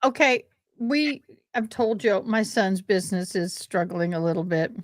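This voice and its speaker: A woman's voice: medium pitch, lively intonation, moderate pace, no echo. A woman hosting a casual livestream chat, rambling and exclaiming as she talks. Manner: rambling, exclaiming, self-interrupting. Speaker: livestream host.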